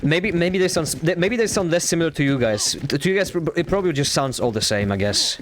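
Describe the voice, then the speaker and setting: A young Norwegian man streams a game into a desk mic. He talks in a fairly high voice with big swings in pitch, repeating himself and cursing bluntly. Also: fast, slight background noise. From Norway. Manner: animated, repetitive, blunt and crude. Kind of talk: casual gaming stream chat.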